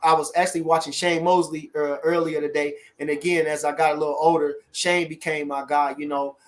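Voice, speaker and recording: Middle-aged guy on a livestream, high voice, really animated, keeps repeating himself. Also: brisk. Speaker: livestream host. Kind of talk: casual livestream chat.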